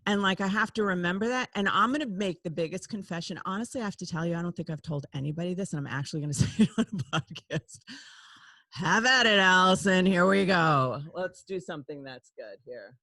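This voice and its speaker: A woman hosting a podcast, talking candidly and confessing things, laughing often and swinging between loud outbursts and hushed asides. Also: on the low side, fast talker, hardly any pauses, no room sound. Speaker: podcast host.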